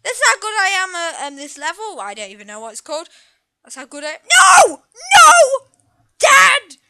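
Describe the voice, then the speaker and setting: A young gaming YouTuber chatting casually over a let's-play, muttering quiet asides. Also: high voice, sing-song, fast, background noise.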